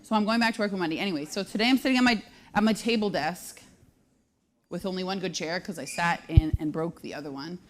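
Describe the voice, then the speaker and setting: A woman in her thirties hosting a live show, telling brash, self-deprecating comic stories at a quick clip. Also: fairly low pitch. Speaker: host. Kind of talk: live comedic storytelling.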